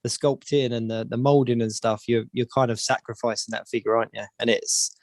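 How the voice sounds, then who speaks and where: A man's voice: medium pitch, steady tone, fairly quick, dry recording, studio quality. A man co-hosting a casual podcast chat, rambling and repeating words as he thinks. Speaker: podcast co-host.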